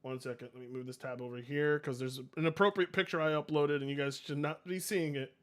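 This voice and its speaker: A man in his late twenties reacting to clips on a live stream, excitable, laughing often and swearing. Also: on the high side, brisk. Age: 20s.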